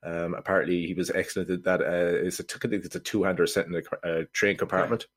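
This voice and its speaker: A man's voice: sits low, little pitch movement, fast talker, fairly bright tone, slightly rough. A man co-hosting a casual podcast, joking and self-deprecating, often restarting his sentences. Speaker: podcast co-host. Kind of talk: casual chat.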